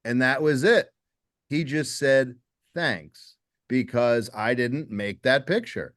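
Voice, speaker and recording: Guy hosting a podcast, mid voice, kinda halting with lots of uhs, dry sound. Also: mid-range voice, a bit bright, no room sound. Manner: measured, hesitant storytelling with many fillers. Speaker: podcast host. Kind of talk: casual conversation.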